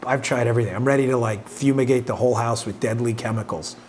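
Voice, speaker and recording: A man's voice: medium pitch, fairly even intonation, quick pace, darkish tone, slight background noise. Exasperated joking man in a studio. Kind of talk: archived studio banter.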